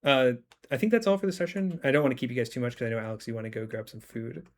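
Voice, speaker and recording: Guy with a sick voice rambling along as game master, lots of ums, medium pitch. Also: rapid-fire. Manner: rambling, many fillers. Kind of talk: casual chat.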